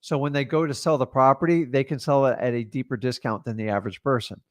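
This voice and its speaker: This is a man in the middle of his range, talking like a real estate coach in a loose, plain-spoken lesson. His delivery is blunt and lively, with the odd "like" and "man" dropped in as he explains. He chats easily with a caller between points. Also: mid-range voice, fast talker. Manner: blunt and animated, with frequent filler "like" and "man". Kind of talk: casual teaching and live Q&A.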